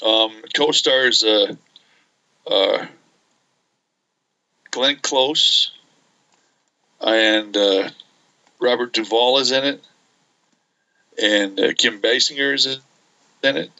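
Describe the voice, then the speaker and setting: Halting, very bright-voiced male podcaster. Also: mid-range voice, highs cut off. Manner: halting, many fillers and restarts, enthusiastic. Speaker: podcast co-host. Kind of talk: casual chat.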